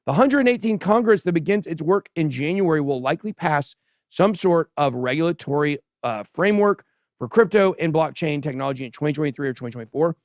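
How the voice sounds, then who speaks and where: A man hosting a casual livestream crypto show, giving animated and sarcastic commentary as he chats with a co-host and the live chat. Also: on the high side, fairly quick, dry recording. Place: show studio stage.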